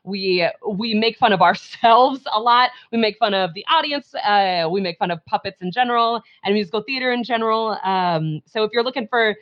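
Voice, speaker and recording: A woman's voice: medium pitch, normal speed, hardly any pauses. Chatty woman, dull lo-fi sound. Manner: chatty, enthusiastic, jumps into quoted voices. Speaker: writer, director and puppeteer. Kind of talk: casual interview chat. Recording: dull lo-fi audio.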